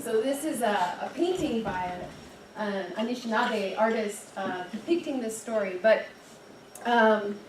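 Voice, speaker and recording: A young woman giving a chatty, animated storytelling talk at a dinner event, full of "like"s and restarts. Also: mid-range voice. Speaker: guest speaker and storyteller. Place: dinner event room, indoors. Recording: echoey room, distant mic, background noise.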